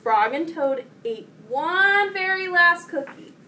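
A young woman who presents a children's program reads a story and gives craft instructions to kids, slow and clear. Her voice is bright, extremely high and expressive. The recording uses a distant mic with faint noise.

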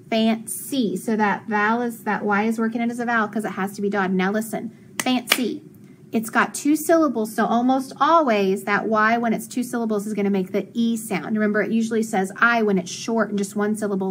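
Woman teacher sounding out phonics slowly. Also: medium pitch, fairly bright tone, a little hiss or hum, low-quality recording. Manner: slow, clear sounding-out of syllables with encouraging praise. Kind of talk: phonics lesson for children.

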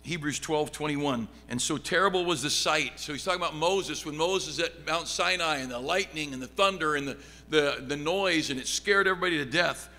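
A middle-aged pastor teaching a Bible study, reading scripture aloud and swinging from loud excitement to quiet asides. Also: male voice, fairly high pitch, brisk, few pauses. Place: church sanctuary. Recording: long hall reverb, faint background hum.

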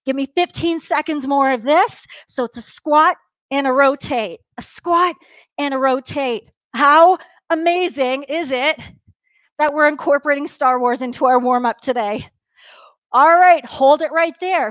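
A woman's voice: sits high, unhurried, fairly bright tone, dry recording. A woman leading a live workout class, upbeat and encouraging, counting down reps and a bit out of breath from exercising along. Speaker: fitness instructor.

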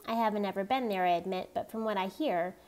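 A woman's voice: mid-range voice, lightly acted. Woman reading as a hasty placating mother. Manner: quick, bright, smoothing over.

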